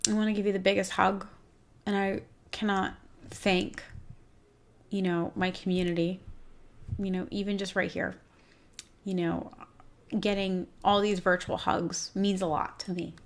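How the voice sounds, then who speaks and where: A woman hosting a livestream for groomers, speaking candidly and emotionally while teary-eyed, reading viewers' comments aloud. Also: fairly low pitch. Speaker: host of a groomer business show.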